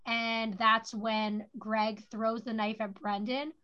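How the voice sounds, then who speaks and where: Her voice sits on the high side, level in tone, pushed and bright, and she takes her time. As a podcast co-host, she casually goes over a TV episode with plenty of "like" fillers, and the sound quality is dull and lo-fi.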